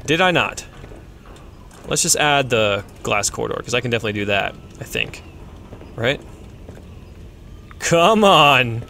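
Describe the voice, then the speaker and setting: A man hosting a let's play, giving casual, excitable gameplay commentary and mocking himself when things go wrong. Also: medium pitch, moderate pace, vocal fry, pauses often, slight background noise. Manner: excitable, self-mocking, swears when frustrated.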